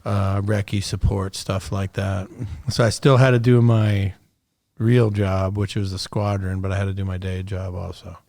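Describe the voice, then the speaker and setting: A middle-aged American man, a retired special operations soldier, tells war stories as a podcast guest in a casual storytelling interview. His low, level voice is a little mellow and measured, recorded clean in a studio with no room sound, and he rambles laid-back and profane with lots of fillers.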